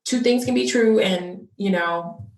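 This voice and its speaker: A woman's voice: mid-range voice, measured pace. A woman hosting a podcast interview in a casual, effusive manner, laughing easily. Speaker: podcast host. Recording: roomy, distant from the mic.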